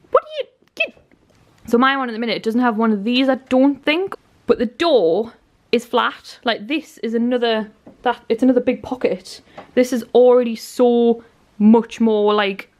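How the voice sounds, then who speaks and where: A young woman, gushing and chatty in a casual home vlog, filling her talk with "like". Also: mid-range voice. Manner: gushing, chatty, repeats "like" often. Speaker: vlogger. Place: home room.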